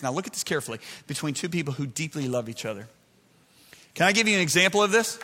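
A man preaching a sermon, emphatic, moving between loud shouted points and soft, close asides. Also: on the high side. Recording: preached in a large reverberant hall.

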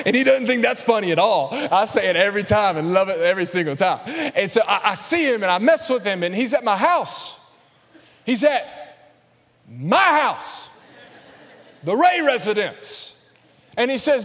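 A man's voice: high voice, moderate pace, long reverb tail. A pastor in his thirties preaching a sermon in a church, telling a story with jokes and acting out the quotes. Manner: storytelling, joking, animated with acted-out quotes. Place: church sanctuary.

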